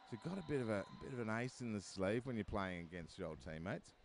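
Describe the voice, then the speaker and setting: A man's voice: on the low side, lively intonation, quick pace, vocal fry, slight background noise. A man giving live roller derby commentary, chatty and full of joking asides.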